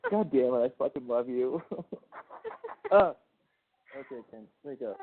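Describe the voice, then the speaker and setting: Man, mid-pitched voice, affectionate, laughs often, heavy swearing, lo-fi phone sound. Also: lively intonation, measured pace. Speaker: caller on a prison phone call. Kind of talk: casual phone chat. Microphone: telephone. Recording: tinny phone line.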